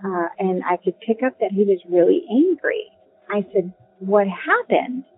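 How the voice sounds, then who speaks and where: A woman telling a personal ghost story in a casual, halting way, with many ums and restarts. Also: medium pitch, animated, a little hiss or hum. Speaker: caller sharing a ghost story. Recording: tinny phone line.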